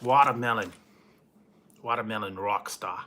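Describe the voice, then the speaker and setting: A food review vlogger, a man, tries snacks in a laid-back, casual way, chuckling often and trailing off mid-sentence. His voice is on the low side, pushed and bright, and he speaks a little slowly. There's slight background noise.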